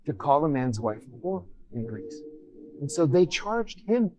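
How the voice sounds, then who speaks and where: A man's voice: a little high, measured pace, dull audio. A middle-aged man, a former intelligence officer, telling a personal story casually in a podcast interview and acting out the voices of others. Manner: animated anecdote, voices others in quotes.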